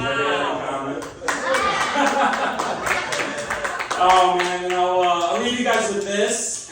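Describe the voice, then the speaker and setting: A man's voice: fairly high pitch, recorded from a distance, noisy background. A middle-aged man doing a loose, rambling stand-up comedy set on a club stage, laughing at his own jokes. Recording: echoey club, mic heard from afar, loud crowd.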